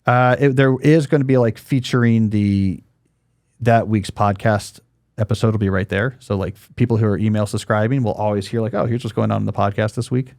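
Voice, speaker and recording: A man's voice: fairly low pitch, fairly even intonation, brisk, vocal fry, a little mellow, no room sound. Chatty man giving podcast advice. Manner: chatty, dry joking, many fillers and restarts. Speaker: podcast host. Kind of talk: casual podcast chat and advice.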